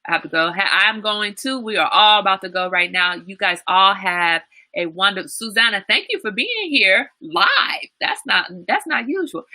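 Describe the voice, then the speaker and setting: A woman's voice: medium pitch, moderate pace, few pauses, bright, forceful tone. A woman hosting a live-streamed talk show, chatting casually with viewers, reading out their comments and laughing often. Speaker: livestream talk show host.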